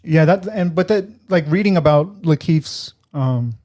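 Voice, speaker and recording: A man co-hosting a podcast, talking casually and haltingly with many pauses and blunt swearing. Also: fairly high pitch, a little mellow. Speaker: podcast co-host. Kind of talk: casual chat.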